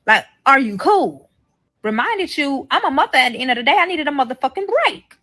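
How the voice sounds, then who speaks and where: A woman's voice: high voice, fairly quick. A woman telling a profane story-time tale, acting out the quoted lines and swearing freely. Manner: animated, swearing, acts out quoted dialogue. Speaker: storyteller in a played clip.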